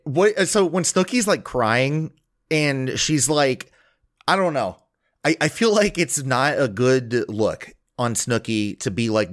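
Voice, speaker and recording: A man's voice: mid-range voice, animated, takes it slowly. Laid-back man in crude casual chat. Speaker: podcast co-host.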